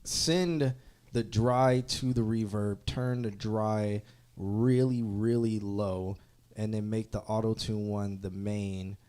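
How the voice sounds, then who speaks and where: A man with a mixed New York and Southern accent, co-hosting a casual livestream chat about music production, animated and swearing casually. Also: fairly low pitch, takes it slowly, clean tone. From Florida. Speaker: co-host.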